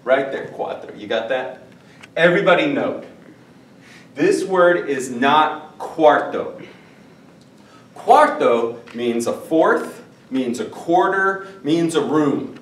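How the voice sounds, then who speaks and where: A man's voice: fairly high pitch, expressive, takes it slowly. A man teaching a Spanish class at a whiteboard, joking between number drills. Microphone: far camera. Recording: echoey classroom from far off.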